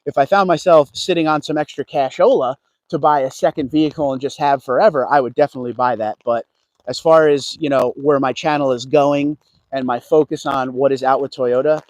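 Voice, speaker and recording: A man's voice: mid-range voice, fairly even intonation, fairly quick, dry recording. A man walking a dealership lot on a casual livestream, chatting with viewers and greeting them by name. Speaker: car vlogger. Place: outdoors at a car dealership lot.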